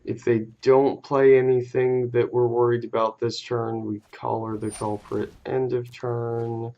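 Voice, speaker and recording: A man's voice: medium pitch, level tone, a little slow, darkish tone, lo-fi sound. A man casually talking through a card game on a live stream, laid-back and easily amused, with casual swearing.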